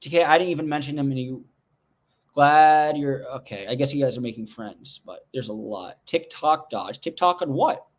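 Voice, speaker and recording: Hosting a casual livestream from indoors at home, a man rambles through viewer comments, restarting sentences and tossing in joking asides. His voice is medium-pitched and his pace moderate.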